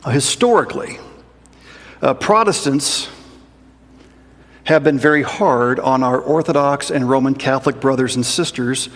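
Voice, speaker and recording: A man's voice: mid-range voice, fairly bright tone. Man preaching in a reverberant hall. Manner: measured, explanatory preaching with rhetorical asides. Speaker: pastor. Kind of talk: sermon.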